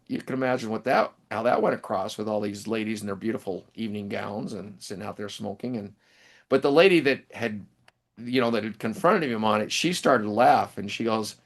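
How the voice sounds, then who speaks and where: A middle-aged man recounts stories as an interview guest in a rambling, halting way, often restarting his sentences. His voice sits in a middle pitch for a man. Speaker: interview guest, author and professor. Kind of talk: storytelling in a casual interview.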